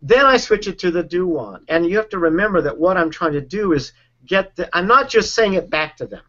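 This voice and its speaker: A man's voice: high voice, animated, fairly quick, a bit bright. A man coaching, earnestly explaining a technique and acting out quoted speech in a conversation. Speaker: relationship and sales coach. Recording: dull lo-fi sound.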